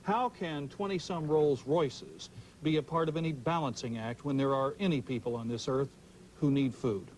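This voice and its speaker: Guy interviewer pushing his point, calm measured talk, mid voice, faint hum in background. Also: medium pitch, rough recording. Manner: persistent, measured questioning. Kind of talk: probing interview questions.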